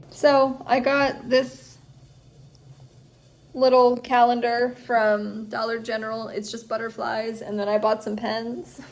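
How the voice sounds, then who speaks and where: A woman's voice: on the high side, creaky, a little mellow. A young woman, a student vlogger, telling a rambling story in a casual storytime vlog at home, chatty and full of fillers, sounding tired. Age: young adult.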